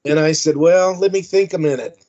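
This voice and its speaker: Older man, fairly high voice, rambling storyteller, dull lo-fi audio. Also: a little fast, a little mellow. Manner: rambling, amused, many fillers. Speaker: guest, former wrestling manager. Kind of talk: anecdotal storytelling.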